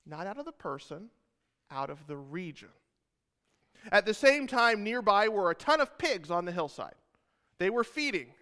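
Male pastor, high clear voice, casual sermon with jokes, long church reverb. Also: very animated, moderate pace, pauses often, pushed and bright. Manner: casual, joking asides to the congregation. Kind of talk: sermon with scripture retelling.

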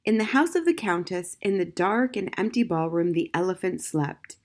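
A woman narrating a children's novel as an audiobook, in a gentle, measured way. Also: on the low side, lively intonation. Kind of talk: scripted storybook narration.

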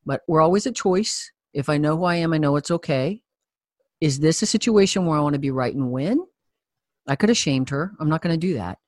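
An earnest, reflective voice that explains a point through a personal story, pausing often to think and letting out soft sighs. The pitch sits in the middle range. The sound is dry and close to the microphone, with no room echo. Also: lively intonation. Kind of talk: conversational teaching with personal story.

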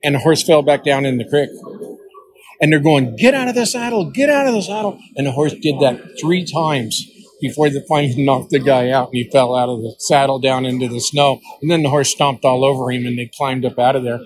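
An older range master tells hunting stories during an interview, folksy and fond of doing the voices of people in his tales. His mid-range voice is level and fairly quick, with a crowd audible behind him on a rough recording.

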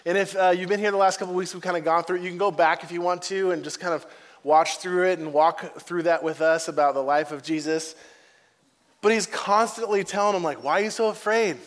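High-voiced animated male pastor. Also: a little fast. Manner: animated, acts out quotes in varied voices; casual, conversational. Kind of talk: sermon.

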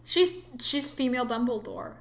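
A woman co-hosting a casual film review chat, talking in a loose, chatty way with lots of fillers. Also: normal speed. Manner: chatty, lots of fillers, animated swings in pitch. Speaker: podcast co-host reviewing a film. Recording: echoey room.

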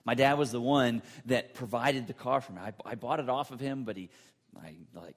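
A man's voice: mid-range voice, a little fast. A man preaching a sermon as pastor, telling a personal story in an earnest way.

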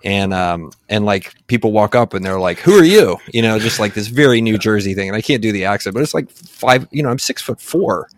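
A man's voice: lowish voice, brisk, hardly any pauses, no room sound, studio quality. A man in his late forties from San Antonio, talking casually as a guest, rambling with many fillers and restarts. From San Antonio, Texas. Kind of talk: casual conversation.

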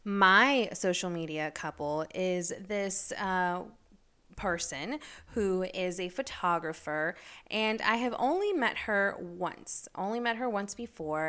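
A woman hosting her own podcast, telling stories in a chatty, rambling way with lots of fillers and bursts of excited, incredulous emphasis. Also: on the low side, clear, resonant tone. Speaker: podcast host. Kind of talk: casual solo podcast chat.

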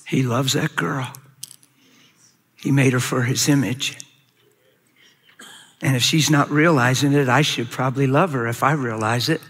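A middle-aged male pastor preaching a sermon, telling stories with animated acted-out quotes. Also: mid-range voice, a little slow, long pauses, breathy edge. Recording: long hall reverb.

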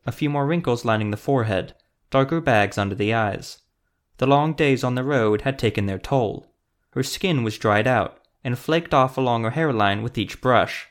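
Guy reading a fantasy audiobook, even steady narration, mid voice. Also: mid-range voice, normal speed.

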